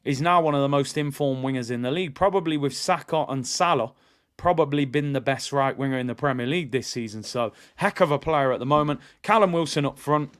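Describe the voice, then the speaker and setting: A man's voice: medium pitch, a little fast, smooth. A man hosting a live football fan watch-along, chatting in an opinionated way with lots of fillers and repeats while reading out viewer comments. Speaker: football fan channel host.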